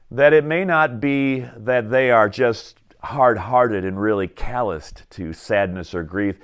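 A middle-aged man preaching a sermon, reflective and pausing to let his points sink in. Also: mid-range voice. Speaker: pastor.

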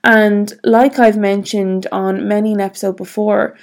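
A woman's voice: medium pitch, level tone, a little slow. A woman vlogger telling a personal story in a frank, reflective way, swearing freely.

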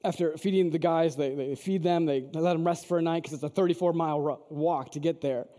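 Guy preaching with a high mellow voice, chatty storytelling, long echo like a big hall. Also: a little fast. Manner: storytelling, conversational, asks the audience questions. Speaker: pastor. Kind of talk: sermon.

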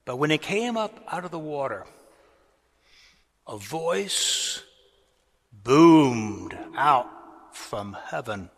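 Slow-preaching man in a cathedral. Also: mid-range voice, big pitch swings, a bit bright. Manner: slow, deliberate preaching with swelling emphasis. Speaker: pastor. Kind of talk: sermon. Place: large cathedral. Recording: long cathedral reverb.

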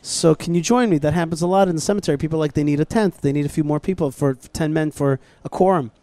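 Man, podcast host, storytelling, restarts a lot, fairly high voice, dry close sound. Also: quick pace, no echo. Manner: animated, full of restarts and quoted dialogue. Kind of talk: casual storytelling conversation. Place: outdoors at a plaza.

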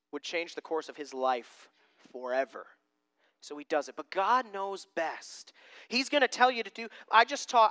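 Young preacher, lively sermon delivery, bright and crisp, dips quiet for key points. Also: mid-range voice. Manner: animated, acts out scenes, drops to a hush for emphasis.

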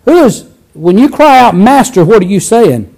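Male preacher, conversational sermon, very high and lively voice, restarts often. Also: moderate pace, gravelly, low-quality recording. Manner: animated, conversational, acts out scenes, frequent restarts.

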